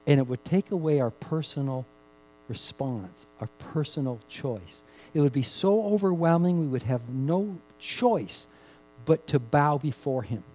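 Mellow-voiced preacher with dramatic dynamics. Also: male voice, on the high side, expressive, rough recording. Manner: swings between loud emphatic peaks and hushed, drawn-out phrases; repeats key phrases for emphasis. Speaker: pastor. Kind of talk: sermon.

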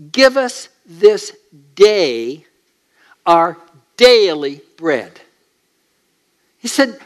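High-voiced man preaching a sermon. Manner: emphatic, with rhetorical questions to the listeners.

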